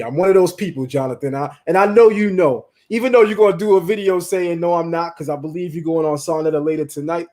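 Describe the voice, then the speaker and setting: High-voiced man hosting a casual livestream. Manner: animated, talks straight to chat and viewers, repeats lines for emphasis. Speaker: livestream host.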